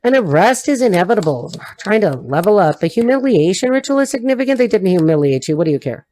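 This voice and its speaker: A woman's voice: mid-range voice, very animated, fast talker, dark tone, a little hiss or hum. A woman giving an intuitive tarot reading to her audience, free-associating and repeating herself in a blunt, emphatic way. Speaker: tarot reader.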